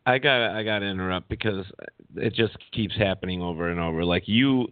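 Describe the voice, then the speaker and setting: A man's voice: deep voice, a little fast, no echo. A man hosting a talk show, jumping in with laughing asides about his own spirit encounters. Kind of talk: casual talk show chat. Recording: dry phone-like audio.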